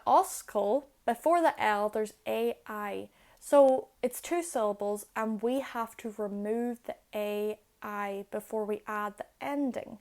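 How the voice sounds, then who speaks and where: A young woman explaining grammar step by step, patient and clear, in a video lesson. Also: on the high side, darkish tone. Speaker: Irish language teacher.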